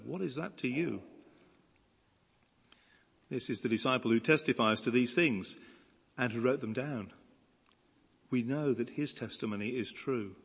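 A man reading a Bible passage aloud in church, in a measured, expressive reading voice. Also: medium pitch, husky, big-room sound. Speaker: scripture reader. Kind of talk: scripture reading.

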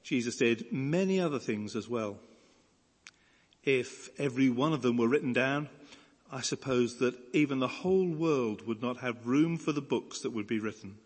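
A man's voice: mid-range voice, expressive, moderate pace, slightly rough. Man reading scripture in a reverberant hall. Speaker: scripture reader.

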